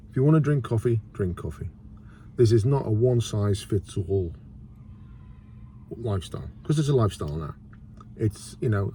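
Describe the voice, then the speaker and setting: A middle-aged man vlogging from a city square talks casually to the camera, wandering from topic to topic as he eats. He has a lowish, mellow voice, and there is slight background noise.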